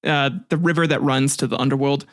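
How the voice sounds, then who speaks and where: A man's voice: medium pitch, fairly even intonation, quick pace, dry recording. A man hosting a casual history podcast, retelling myths with swearing, laughter and jokey asides, often restarting his sentences. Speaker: podcast host.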